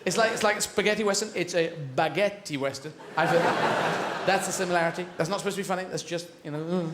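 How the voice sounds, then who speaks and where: Man doing rambly standup, bit high voice, echoey theatre. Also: steady tone. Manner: rambling, quick associative asides. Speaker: stand-up comedian. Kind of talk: stand-up comedy. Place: large theatre stage. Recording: echoey theatre, faint noise.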